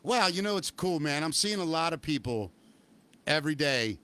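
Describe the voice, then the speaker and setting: A man hosts a loose live talk show in a bright, slightly high voice. He rambles, hedges his opinions and cheerfully plugs the chat room and phone line. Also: animated, moderate pace. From Baltimore, Maryland. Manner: rambling, hedging, upbeat plugs. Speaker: podcast host.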